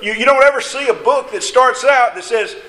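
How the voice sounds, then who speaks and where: A man's voice: extremely high pitch, brisk, sharp tone, reverberant, poor audio. A man preaching a sermon in a folksy, emphatic way, with small jests along the way.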